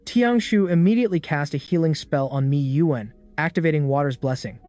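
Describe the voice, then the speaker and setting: A man narrating a story recap in a brisk, dramatic scripted style. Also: on the high side, a little mellow. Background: faint background music.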